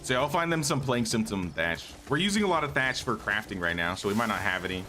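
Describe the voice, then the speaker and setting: A man's voice: on the low side, big pitch swings, fast, sharp tone, slight background noise. A man casually talking through a live game stream, thinking aloud and greeting viewers, his voice a bit worn. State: slightly losing his voice.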